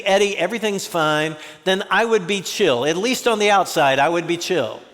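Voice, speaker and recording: High-voiced man preaching in a hall. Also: fairly bright tone. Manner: conversational, acts out quoted voices. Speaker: pastor. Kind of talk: sermon.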